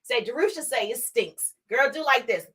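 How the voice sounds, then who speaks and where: A woman business coach giving an energetic motivational talk on a livestream, speaking straight to her viewers and repeating phrases for emphasis. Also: a little high, normal speed, slightly rough.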